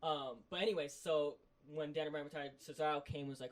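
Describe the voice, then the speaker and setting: A man co-hosting a podcast, excitedly recapping a story in a loose, rambling way full of fillers. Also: a little high, quick pace. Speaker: podcast co-host. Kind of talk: casual chat.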